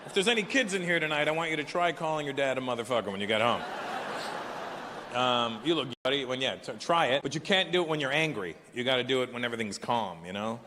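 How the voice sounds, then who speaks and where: A man in his forties performing a stand-up comedy set, telling stories animatedly with profanity and loud punchlines. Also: medium pitch, animated, fast, background noise. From Canada. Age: 40s. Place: large live venue. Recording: echoey hall with live crowd ambience.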